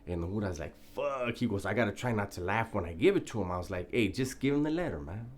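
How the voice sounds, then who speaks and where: A man's voice: lowish voice, animated, fast talker. A man telling a prison story in a laid-back, profane, casual way, often breaking into laughter.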